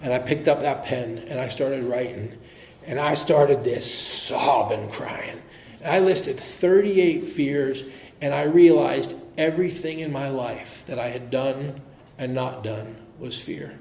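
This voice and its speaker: A man speaking as an AA speaker, telling his personal recovery story in an earnest, halting way with frequent restarts. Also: mid-range voice, a little mellow. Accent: American. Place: meeting hall. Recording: echoey room with faint noise.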